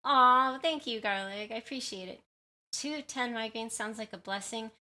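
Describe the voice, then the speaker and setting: A woman's voice: a little high, moderate pace, sharp tone, a little hiss or hum. A woman from the US West Coast, chatting casually on her livestream and reading chat aloud, with frequent giggles. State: has a headache. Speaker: streamer.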